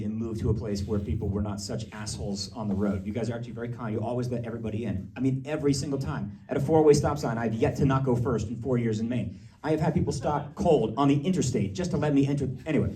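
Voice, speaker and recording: Guy from massachusetts doing standup, chatty then yelling rants, mic sounds kinda far off. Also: medium pitch. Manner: conversational, riffing with audience, bursts into shouted rants. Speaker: stand-up comedian. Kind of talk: stand-up comedy set. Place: comedy venue with live audience.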